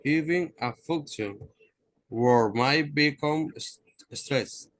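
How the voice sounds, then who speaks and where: A man reads English aloud over a video call, slowly and haltingly, tripping over longer words. His voice is a little high, and the sound is dry and close. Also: dry recording. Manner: halting, stumbles over words and repeats corrections. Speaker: student. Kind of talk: reading aloud in class.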